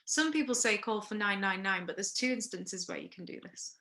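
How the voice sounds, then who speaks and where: A woman runs a first aid lesson with a bright, clear voice and a middling pitch. She explains each step in turn and stops to put questions to the class, checking in with frequent okays. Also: expressive, fairly quick. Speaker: first aid workshop instructor.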